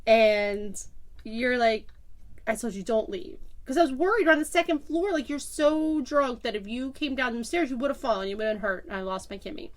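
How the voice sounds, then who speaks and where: A woman with a high, bright-sounding voice co-hosts a podcast in relaxed chat. She tells the story with energy, acts out what people said and breaks into laughs. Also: a little fast. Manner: animated, acts out quotes, laughs often. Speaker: podcast co-host.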